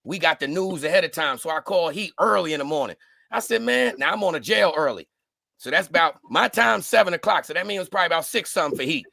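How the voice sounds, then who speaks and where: A man chatting casually, telling animated stories and acting out the people in them. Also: on the high side, fast, gravelly, no echo, studio quality. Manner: animated storyteller, doing voices. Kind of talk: casual chat.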